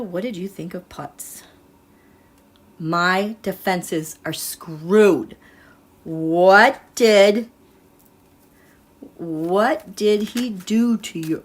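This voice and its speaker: A woman reading tarot cards live, chatting in an animated way and laughing often. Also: mid-range voice. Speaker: tarot reader.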